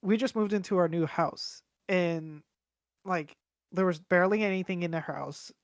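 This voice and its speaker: A man's voice: high-pitched, moderate pace, dry recording, clean studio sound. Rambling young man telling a story. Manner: rambling storyteller, swears a lot, many fillers. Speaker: podcast co-host. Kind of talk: casual chat.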